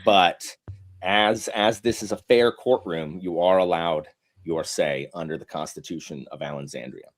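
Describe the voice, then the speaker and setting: A man's voice: sits low, moderate pace. A man hosting a mock courtroom chat, teasing and playfully theatrical. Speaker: host.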